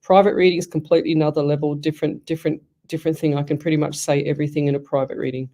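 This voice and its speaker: A woman hosting a live radio show as a psychic medium, talking in a rambling way with pauses and restarted phrases. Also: deep voice, level tone, warm tone.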